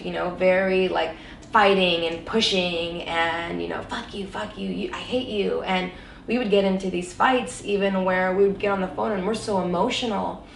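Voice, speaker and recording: A woman's voice: lowish voice, vocal fry, far from the mic, a little hiss or hum. A woman guest telling her personal story in an earnest, reflective way, often saying "you know.". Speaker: interview guest. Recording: roomy echo, voice a bit off-mic, faint background ambience.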